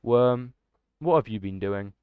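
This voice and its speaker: A young man chatting excitably and rambling to his livestream chat. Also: mid-range voice, unhurried, clean tone, no echo. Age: young adult. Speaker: streamer. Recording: dull lo-fi dry mic.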